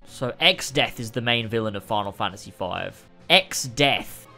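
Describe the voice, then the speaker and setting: A man streaming a game, reacting casually and excitably, swearing and laughing often. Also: on the low side, normal speed, vocal fry, soft background music.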